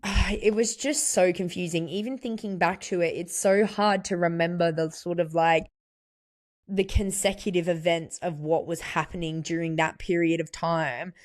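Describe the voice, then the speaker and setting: A woman hosting her podcast, telling a personal story in a candid, confessional, rambling way, full of "like". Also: lowish voice. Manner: confessional, rambling, heavy use of "like". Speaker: podcast host.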